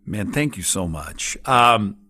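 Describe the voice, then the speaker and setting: A man hosting an interview, asking questions in a relaxed, appreciative way. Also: fairly low pitch, slow. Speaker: interview host. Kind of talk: conversational interview.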